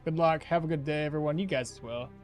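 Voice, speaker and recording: A man's voice: on the high side, quick pace, darkish tone, soft background music. A man streaming a game, chatting with viewers in an exasperated, laughing way. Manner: exasperated, laughing, talks to chat. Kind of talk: casual live-stream commentary.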